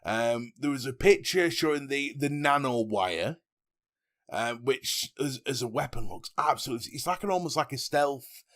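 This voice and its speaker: Animated man, lively pitch. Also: moderate pace. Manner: animated, laughs often, jokey. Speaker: podcast co-host. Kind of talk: casual podcast chat.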